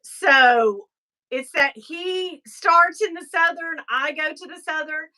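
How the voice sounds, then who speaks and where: A woman's voice: sits high, slow, sharp tone. A woman co-hosting a casual livestream chat, playful, greeting viewers and reading out their comments. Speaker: livestream co-host.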